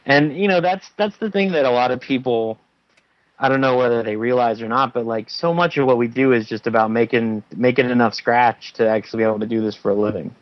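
A man's voice: mid-range voice, fairly quick, no echo. A man with a mid-range voice comes through a dull, lo-fi line that sounds dry and close. He talks casually with a wry, teasing edge. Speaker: podcast guest, comic writer. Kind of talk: casual chat.

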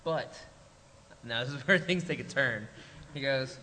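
A man with a bright, sharp voice tells a lively story on a convention panel, laughing along the way. A long hall reverb hangs on his voice. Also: medium pitch, measured pace. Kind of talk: casual anecdote on a convention panel. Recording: hall reverb, faint noise.

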